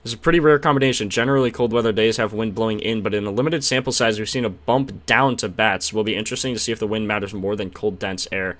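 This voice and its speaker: A young man live-streaming casual chat about betting picks, excitable and slangy, thanking subscribers and trailing off into mumbled fillers. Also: on the low side, fast, hardly any pauses.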